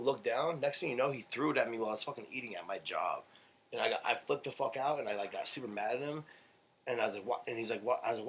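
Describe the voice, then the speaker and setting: A man's voice: medium pitch, fast talker, creaky, slight background noise, poor audio. A young man, a podcast guest, telling rambling, heated stories in casual chat and swearing a lot.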